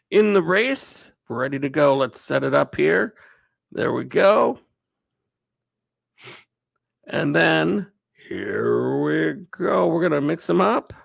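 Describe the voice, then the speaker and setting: A man casually chatting to viewers on a live stream, rambling in a relaxed way. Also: a little high, creaky, dry recording, low-quality recording.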